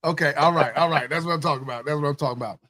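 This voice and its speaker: A man's voice: on the high side, rapid-fire, sharp tone. A man hosting a casual livestream chat, laid-back and repeating his phrases. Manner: laid-back, repeats phrases, says "you know what I'm saying". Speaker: livestream host.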